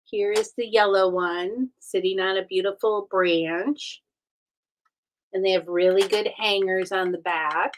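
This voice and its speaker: A woman's voice: mid-range voice, steady tone, a little slow. A woman hosting a casual live stream, chatting with viewers and greeting them by name while she builds. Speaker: live-stream host building brick sets.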